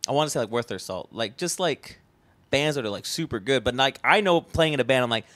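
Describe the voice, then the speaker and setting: A man's voice: medium pitch, expressive, brisk, a bit bright. A young man, a festival founder, talking casually on a podcast in a rambling way full of fillers and the odd swear.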